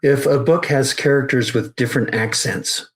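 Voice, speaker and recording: A man's voice: medium pitch, normal speed, husky. A man hosting a podcast, asking questions methodically and often restarting his phrasing. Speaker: podcast host and interviewer. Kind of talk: interview questions.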